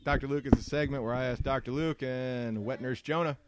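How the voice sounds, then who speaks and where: A man's voice: mid-range voice, fairly even intonation, brisk. A man hosting a comedy podcast in casual chat, telling stories with animation and laughing often. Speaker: podcast host.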